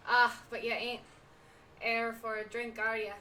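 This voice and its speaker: A woman's voice: medium pitch, animated, normal speed, fairly bright tone, distant mic, slight background noise, lightly acted. A woman voicing a hearty male tavern keeper in a game, with a wobbly put-on pirate-ish accent. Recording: off-mic with game music.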